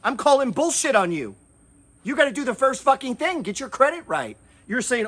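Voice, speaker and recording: A man's voice: very high-pitched, big pitch swings, normal speed, fairly bright tone. A man hosting an investing channel, scolding his viewers in a fiery, profane, repetitive motivational rant.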